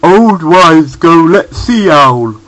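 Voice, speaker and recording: A brainless young bear, as a man puts him on drags out his jumbled words very slowly. He speaks loudly and makes little sense. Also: fairly high pitch, lively intonation, pitched above the performer's own voice, poor audio. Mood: muddled.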